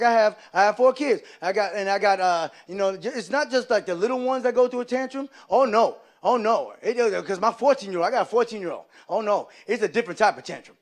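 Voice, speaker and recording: High-voiced animated male comedian. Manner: animated storyteller who slips into loud character voices. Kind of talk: live stand-up comedy.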